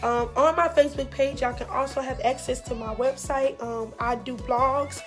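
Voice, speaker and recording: A woman's voice: sits high, steady tone, normal speed, over music. A young woman telling a heartfelt storytime vlog in an earnest, encouraging way, repeating phrases for emphasis. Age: young adult. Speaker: vlogger.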